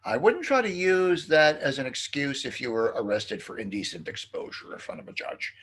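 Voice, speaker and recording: Husky, lively-voiced male professor. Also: medium pitch, moderate pace. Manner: animated, hesitant, with many fillers and restarts; acts out quoted jokes in a playful sing-song. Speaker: philosophy professor. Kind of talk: recorded lecture.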